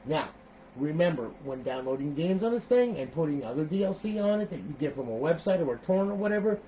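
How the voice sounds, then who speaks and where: A man walking viewers through a modded game console setup in a casual, talky tutorial, checking in with "okay?" after nearly every step and breaking into animated outbursts. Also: on the high side, fast, a little hiss or hum, poor audio. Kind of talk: casual screen-recorded tutorial.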